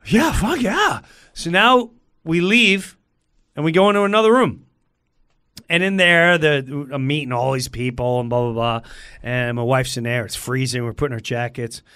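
A middle-aged man telling a story in a lively way, acting out the lines of the people in it. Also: mid-range voice, moderate pace, smooth, no echo, studio quality. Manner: acts out other people's lines in quoted voices. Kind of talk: animated storytelling.

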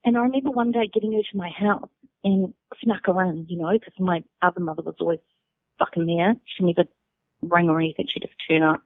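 A woman's voice: on the low side, steady tone, brisk, no echo. A middle-aged woman with a New Zealand accent, candidly telling her personal story as a guest and swearing freely. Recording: dry phone-like sound.

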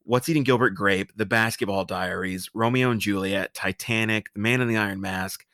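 Brief: male podcaster, casual rambling film chat, low, dry studio sound. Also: fairly even intonation, normal speed, fairly bright tone, dry recording. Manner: rambling, hesitant restarts. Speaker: podcast co-host.

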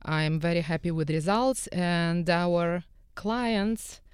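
A woman's voice: fairly low pitch, slow pace, clean tone, no echo, studio quality. A woman with a Russian accent, a salon owner and skin care specialist, speaking earnestly in slightly broken English on a radio panel. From Eastern Europe.

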